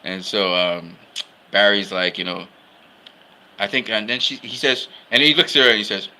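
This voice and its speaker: A man's voice: fairly low pitch, steady tone, normal speed, sharp tone. A man talking casually about films he loves, in an enthusiastic, rambling way. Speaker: film fan commentator. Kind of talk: casual film commentary.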